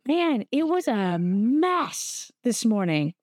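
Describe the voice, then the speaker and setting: A young woman recounts something in casual chat, her voice sitting a little high. She slips into the voices of the people in her story. The sound is dry and close. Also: big pitch swings, slow, no room sound.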